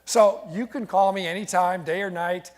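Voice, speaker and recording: A man delivers a motivational keynote on stage, with a fairly high and energetic voice. He tells stories and calls on the crowd to answer back. His voice rings out with the long reverb of a large event hall. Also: normal speed. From United States. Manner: energetic, storytelling, engages the crowd with call-and-response. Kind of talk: live motivational keynote to an audience. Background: audience responding and laughing.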